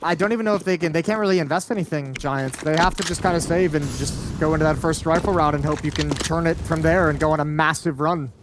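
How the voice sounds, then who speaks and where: Esports caster over loud game gunfire. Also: male voice, a little high, steady tone, noisy background. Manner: quick play-by-play with wry self-deprecating asides. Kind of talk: live play-by-play commentary. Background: gunshots and clicks from the game.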